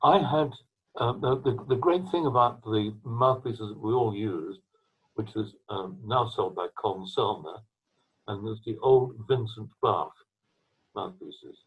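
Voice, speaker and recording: An older English man with a husky voice, answering interview questions over a video call from home in a rambling, anecdotal way. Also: on the low side, measured pace, phone-quality sound. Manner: rambling, anecdotal, with restarts and coughs. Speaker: trombonist and mouthpiece maker, interviewee. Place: his home.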